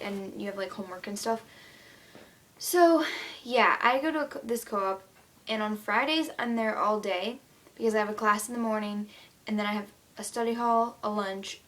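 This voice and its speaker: A woman's voice: mid-range voice, fairly bright tone. A teenage girl ranting to the camera in a casual vlog, chatty and indignant, full of "like" and "um". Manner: chatty, lots of "like" and "um"; indignant storytelling. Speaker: vlogger.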